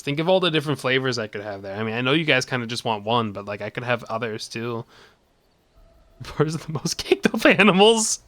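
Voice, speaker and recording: Bright, giggly young man streaming. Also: fairly high pitch, dry recording. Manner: playful, giggly, rambling, bantering with chat. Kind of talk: casual game-stream chat.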